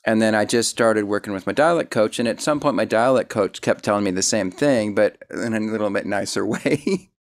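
A man's voice: lowish voice, fairly quick, few pauses. A man hosting a casual interview, rambling and self-deprecating, full of fillers and restarts. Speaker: host.

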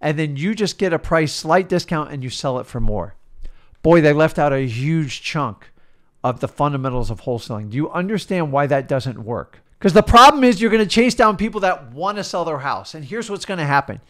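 A middle-aged man coaching in an emphatic, worked-up rant, swinging between loud bursts and quiet asides. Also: a little high, lively intonation, a little fast. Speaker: real estate coach.

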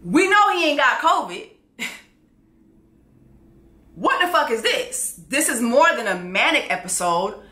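A woman giving a casual, candid TV episode recap with frank, profane, animated storytelling. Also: sits high, a little slow, long pauses, echoey room. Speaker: TV recap vlogger.

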